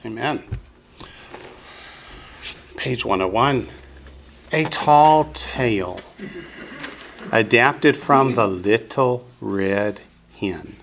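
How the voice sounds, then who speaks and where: Gravelly guy teaching a class, slow, patient, a little room noise behind. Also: mid-range voice, a bit bright. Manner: patient, drills students with call-and-response. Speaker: Biblical Hebrew teacher.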